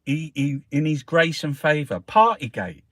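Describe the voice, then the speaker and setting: A political vlogger with a high-ish, unhurried voice and no echo rants scornfully through a newspaper review. He swears constantly in this animated tirade.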